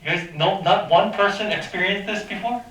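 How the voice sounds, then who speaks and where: Man, math teacher, informal classroom lecture, quizzes students, higher voice, heard from far off in an echoey room. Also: normal speed, fairly bright tone. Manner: informal, quizzes students, makes sound effects. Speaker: high school math teacher.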